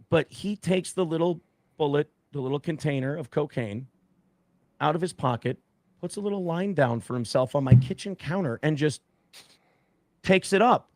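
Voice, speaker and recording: A man's voice: sits high, creaky, fairly bright tone, no room sound. A man telling a personal story in a profane, emphatic way. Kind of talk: recounted anecdote.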